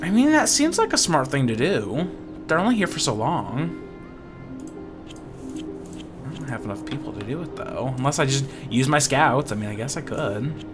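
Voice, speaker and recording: A woman giving excitable let's-play commentary, laughing a lot and swearing. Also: a bass voice, normal speed, long pauses. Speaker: streamer. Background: game music.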